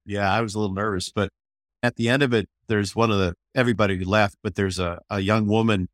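Talking fast in a fairly low voice, an older author and ministry leader is interviewed as a guest and tells stories conversationally. He's animated, frequently restarts phrases, and performs quoted lines in a raised voice, with no echo in the recording.

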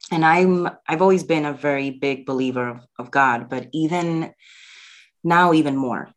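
A woman's voice: sits low, moderate pace. A middle-aged woman speaking earnestly and from the heart as a guest in a personal conversation.

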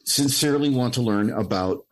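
A man's voice: medium pitch, normal speed. A man from the United States in casual podcast chat, speaking earnestly with his opinions and some swearing.

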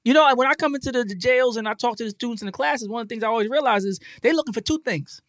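A middle-aged man with a high voice talks quickly as a guest in a casual interview. He is animated and slang-heavy, slipping into other voices when he quotes people. The sound is close and dry. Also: no room sound. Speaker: university professor, interview guest.

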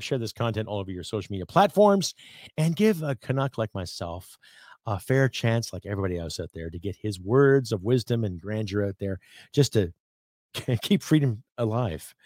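A man's voice: fairly low pitch, lively intonation, normal speed, a little mellow, no echo, clean studio sound. A man from Canada hosting a podcast, ranting angrily and emphatically with profanity and rhetorical questions. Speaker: podcast host. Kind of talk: political rant podcast.

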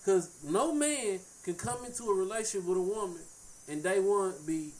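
A man's voice: high-pitched, moderate pace, darkish tone. A man in casual chat, blunt and heated, talking in profane street slang.

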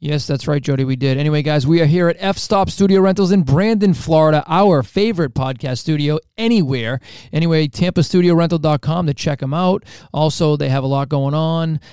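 A man's voice: a little high, a little mellow, clear, resonant tone, no echo. A man co-hosting a podcast in a studio, chatting casually and teasing his co-host with jokes. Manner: joking, teasing, quick talker. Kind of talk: casual chat.

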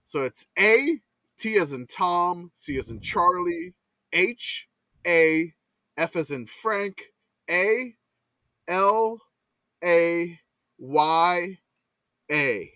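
A man runs a casual word game for friends over a call, laughing easily and spelling words out letter by letter. His voice is bright and very animated, on the higher side. The sound is dry and close. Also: extremely slow, pauses often, no room sound. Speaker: podcast host running a word game. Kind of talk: casual group chat on a video call.

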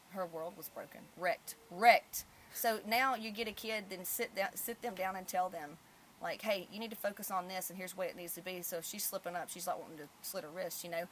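A woman, a mother hosting a casual podcast chat and telling stories with lively swings in loudness. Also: lowish voice, brisk, a little hiss or hum. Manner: animated storyteller, swings loud when telling stories.

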